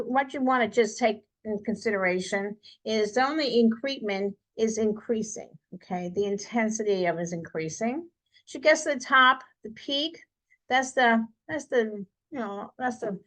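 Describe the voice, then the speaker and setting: A woman nursing instructor leads a conversational exam review lecture in a classroom, repeatedly checking in with students by asking "okay?" Her voice is a little high and a bit bright, and the recording quality is low.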